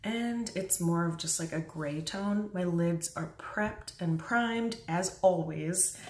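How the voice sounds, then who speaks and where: A young woman chatting casually through an early-morning makeup tutorial at home, speaking softly at times. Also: fairly low pitch, takes it slowly. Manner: chatty, self-deprecating, talks quietly at times. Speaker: makeup vlogger. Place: home bathroom or bedroom at a mirror. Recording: echoey room, voice from a distance.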